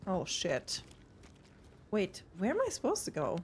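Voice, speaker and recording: A woman's voice: medium pitch, huge pitch swings, unhurried, slight background noise. Chatty swearing woman streamer. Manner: chatty, swears often, talks to chat. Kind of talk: casual live gameplay chat.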